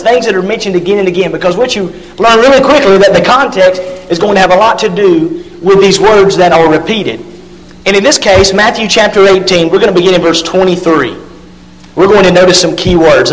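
A man preaching a sermon and reading scripture aloud, leaning hard on key words and drawing some of them out slowly. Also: high-pitched. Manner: emphatic, drawn-out stresses on key words. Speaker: pastor. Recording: long hall reverb.

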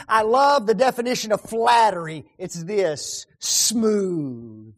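A man preaching on a psalm, firing rhetorical questions and repeating key words, often dropping his voice to a hush. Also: high voice, expressive, slow pace, hardly any pauses. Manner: rhetorical questions, dramatic drops to hushed tones. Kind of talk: sermon on a psalm.

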